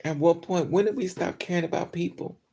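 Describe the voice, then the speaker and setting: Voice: medium pitch, steady tone, fairly quick, vocal fry, warm tone, slight background noise. A speaker venting in an emotional monologue, upset after crying all day, angry and profane, with many fillers. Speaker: vlogger.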